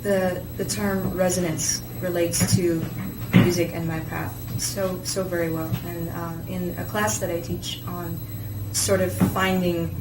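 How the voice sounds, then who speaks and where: A woman's voice: on the low side, level tone, measured pace, hardly any pauses. A woman with a theater degree, speaking earnestly and reflectively as a guest on a talk show. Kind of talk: casual chat. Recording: echoey room with clear background noise.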